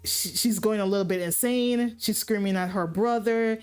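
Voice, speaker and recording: A woman's voice: medium pitch, moderate pace, clear, resonant tone. A woman streamer casually recapping a story in a rambling, profane way, often correcting herself mid-sentence. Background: faint background music.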